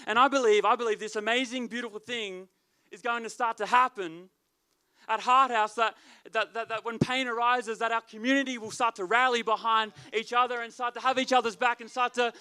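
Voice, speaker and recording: A man gives a sermon as youth leader in a high, bright voice. He preaches emphatically, driving his points home by repeating them, and his tone stays smooth and clear. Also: steady tone, a little fast.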